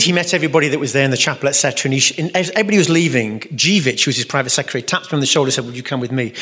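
Man, earnest storyteller, rambling asides, mid-pitched voice, long hall reverb. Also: a bit bright. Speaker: Catholic speaker and musician answering questions. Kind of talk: storytelling talk with audience Q&A.

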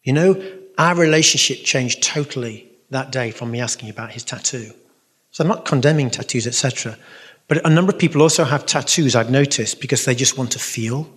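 A man of middle pitch talks through his stories in an earnest, meandering way, often breaking off into asides. His voice echoes with a long tail, as in a large hall. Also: brisk, a bit bright. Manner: earnest, rambling storyteller with asides. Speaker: Catholic speaker and musician answering questions. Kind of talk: storytelling talk with audience Q&A. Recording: reverberant hall.

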